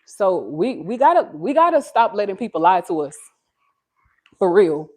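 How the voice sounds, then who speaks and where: A woman's voice: big pitch swings, moderate pace, a little mellow. A woman from Texas hosting a casual livestream from home on her phone. She talks straight to her viewers in an earnest, preachy way. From Texas, USA. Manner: high sing-song baby talk to her child. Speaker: livestream host.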